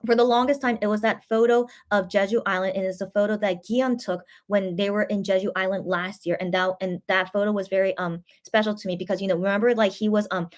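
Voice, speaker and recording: Speaking fast with few pauses, this host has a medium-pitched voice and fairly even intonation. She chats in a gushing, rambling way on her casual livestream, reading out viewer comments and getting easily moved.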